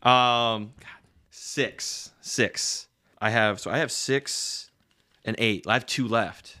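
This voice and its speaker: A man hosting a podcast in casual chat, upbeat, brisk and chatty. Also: mid-range voice, sharp tone. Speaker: podcast host.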